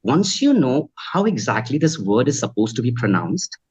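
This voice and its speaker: A man's voice: mid-range voice, very animated, moderate pace, darkish tone, breathy edge. A man, whose mother tongue is Bhojpuri, speaks trainer giving advice. He keeps it courteous and persuasive, often checking in with the interviewer. The recording sounds a little dull and lo-fi. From India. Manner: earnest, advising, keeps saying ma'am and right. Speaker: accent trainer and guest. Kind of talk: interview answers.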